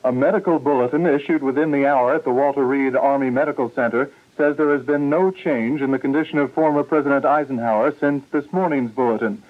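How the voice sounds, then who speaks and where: A man anchors an hourly radio newscast, reading the headlines in a steady, formal way. The sound is thin and narrow, like an old broadcast heard through a small speaker. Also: mid-range voice, a little fast, hardly any pauses. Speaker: news anchor.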